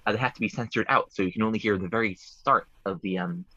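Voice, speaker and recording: A low-voiced man presents puzzles in a rambling, playfully deadpan way, his tone bright and forceful. He comes through a muffled, lo-fi remote call. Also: fast. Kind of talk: joking puzzle game on a talk show.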